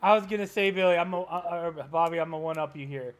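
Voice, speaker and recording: High-voiced man arguing insistently. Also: fast. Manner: insistent, argumentative. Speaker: podcast co-host. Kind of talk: casual banter.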